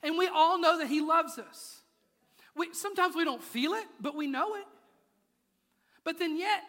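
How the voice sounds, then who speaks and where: A man's voice: extremely high pitch, unhurried, long pauses, pushed and bright. A man preaching a sermon in a church, moving from playful asides to intense, rising appeals. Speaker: pastor. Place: church sanctuary. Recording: large hall with long reverb.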